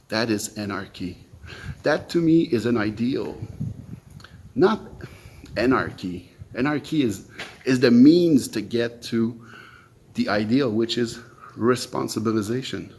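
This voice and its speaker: Slow, reflective male podcast host. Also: medium pitch, a little mellow, breathy edge. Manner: slow, reflective, explaining step by step. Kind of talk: solo monologue on ideas.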